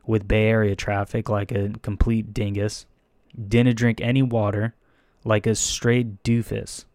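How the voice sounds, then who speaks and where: A young man talks in a loose, rambling storytelling way, cursing freely and restarting his sentences as he goes. His voice sits a little low. The sound is dry and close, with no room echo. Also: measured pace. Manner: profane, animated, rambling with restarts. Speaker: firefighter candidate. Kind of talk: casual storytelling vlog.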